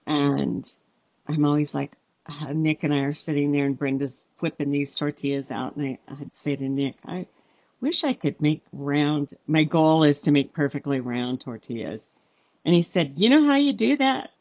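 A woman's voice: sits low, normal speed, dry recording. Woman guest telling heartfelt family stories. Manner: warm, heartfelt storytelling with quoted dialogue. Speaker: guest author. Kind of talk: podcast interview storytelling.

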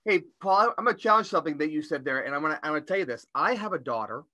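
A man in his fifties co-hosts a podcast in a somewhat high, bright, forceful voice. He talks animatedly and stumbles over repeated words. The sound is dry and close. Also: lively intonation, racing, dry recording. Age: 50s. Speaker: podcast co-host. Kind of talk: podcast interview conversation.

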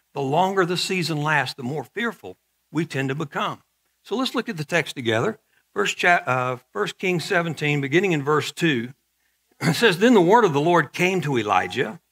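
A middle-aged pastor preaches a sermon conversationally, tossing in joking asides and often repeating words. His voice is fairly high in pitch with a fairly bright tone.

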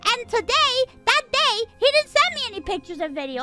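A woman's voice: very high voice, animated, fast, hardly any pauses, loud music behind the voice. A woman streamer in casual stream chat, ranting animatedly and exasperatedly, with frequent swearing.

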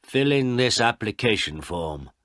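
A man's voice: fairly low pitch, big pitch swings, a little slow, a bit bright, no echo, clean studio sound, voice pushed up. A man voicing a curt government official who brushes people off. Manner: curt and dismissive.

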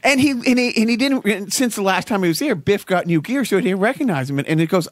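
Casting: man, high voice, dry close sound, rambling animated podcast storyteller. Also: fast, hardly any pauses, no room sound. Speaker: podcast co-host. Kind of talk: casual chat.

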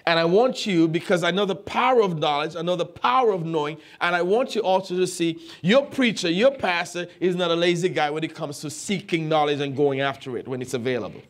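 A man's voice: on the high side, brisk, few pauses. A man, a pastor who is not a native English speaker, preaching a sermon with emphatic repeated phrases, often asking his listeners whether they are listening.

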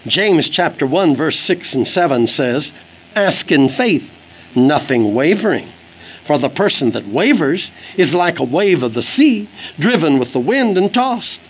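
A man's voice: high voice, breathy edge, low-quality recording. A man delivering an earnest, emphatic sermon for an audio book, quoting scripture as he preaches. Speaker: evangelist preacher.

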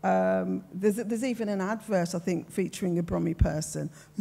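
Gravelly older woman with a Brummie accent. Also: lowish voice, normal speed, dark tone. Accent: Birmingham. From Birmingham, England. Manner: frank, emphatic, self-assured. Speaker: panelist. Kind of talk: panel discussion.

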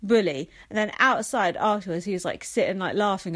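A woman's voice: mid-range voice, a little fast, a bit bright, no room sound. A young woman giving a casual, sweary, sarcastic solo recap of a reality show. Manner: sweary, blunt and sarcastic, with asides. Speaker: reality TV commentator.

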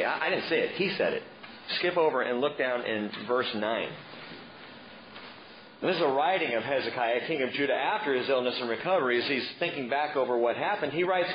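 Animated pastor preaching, lively pitch. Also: male voice. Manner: animated, joking asides. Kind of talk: expository sermon. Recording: muffled with steady background noise.

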